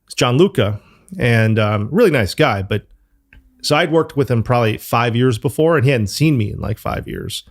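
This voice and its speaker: With a medium-pitched voice, lively intonation, and a moderate pace, a relaxed man appears as a guest and company founder in a casual interview. He talks in a loose, rambling way, packed with fillers and some mild swearing.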